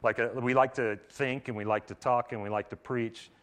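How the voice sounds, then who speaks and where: A man preaching a Sunday sermon in a church, talking to the room in a loose, everyday way full of asides and check-ins. His voice sits at an ordinary male pitch and swings between loud, emphatic stretches and hushed, quiet ones. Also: fairly even intonation, normal speed. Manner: casual conversational preaching, many "like" and "right?" asides. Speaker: pastor. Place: church sanctuary.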